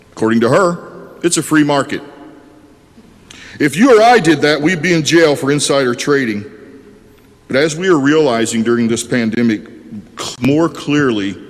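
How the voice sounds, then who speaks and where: A man's voice: on the high side, in a large hall. A man giving impassioned, rhetorical public testimony at a legislative hearing.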